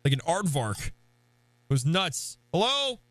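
A young man hosting a live game stream, hyped and playful, shouting greetings to his chat. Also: a little high, sing-song, measured pace, no room sound.

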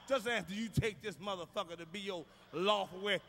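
A man doing a stand-up comedy routine on stage, ranting loudly with a profane, hard-hitting delivery. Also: high voice, brisk, hardly any pauses, big-room sound.

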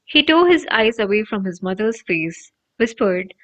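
Expressive woman reading a storybook. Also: medium pitch, moderate pace. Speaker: audiobook narrator. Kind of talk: audiobook reading. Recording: dull lo-fi recording.

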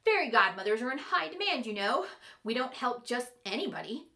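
Squeaky, prim fairy godmother, quick to take offense, highly animated; woman voicing her. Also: heavily acted. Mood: indignant. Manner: squeaky, indignant. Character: flustered prim young female fairy godmother.

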